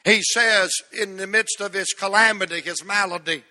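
A man's voice: high voice, fairly even intonation, moderate pace, bright, forceful tone. A man preaching a sermon to a church congregation, telling a folksy story and drawing out key words for emphasis. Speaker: pastor. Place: church sanctuary. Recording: long church hall reverb.

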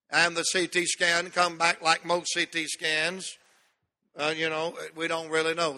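High, bright-voiced preacher. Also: male voice. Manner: folksy storytelling, preaching with drawn-out emphasis. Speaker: pastor. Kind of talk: sermon. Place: church sanctuary. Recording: long church hall reverb.

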